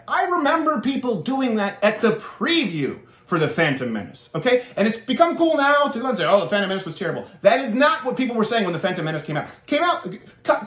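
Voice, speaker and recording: A high-voiced young man from Canada rants sarcastically as a show host, his pitch leaping up and down as he goes. He stumbles and restarts often. The room around him sounds echoey. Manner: animated, sarcastic, with many restarts. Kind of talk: opinionated monologue.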